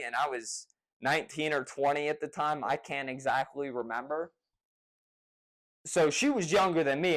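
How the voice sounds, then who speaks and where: A man casually retelling a personal story in a rambling, profane, excitable way. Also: on the high side, poor audio.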